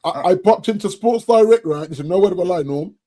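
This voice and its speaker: A man on a football podcast panel, telling animated stories in casual chat. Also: high-pitched, fast.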